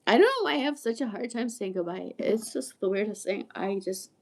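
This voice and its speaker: A woman's voice: medium pitch, expressive, brisk, darkish tone. A woman in her sixties rambling casually to viewers on a livestream, chatty and prone to tangents, often laughing. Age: 60s. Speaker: livestream host.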